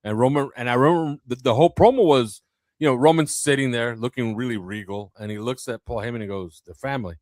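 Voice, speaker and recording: A man co-hosting a casual sports podcast, talking in an animated way, laughing and acting out quotes. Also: mid-range voice, quick pace, no room sound, clean studio sound. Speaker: podcast co-host.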